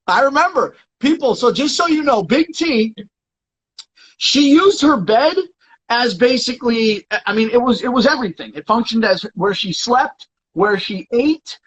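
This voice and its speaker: Husky-voiced teasing male host. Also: very high-pitched, expressive, unhurried, poor audio. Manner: teasing, loud, playful. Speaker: aftershow host. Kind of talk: casual interview chat.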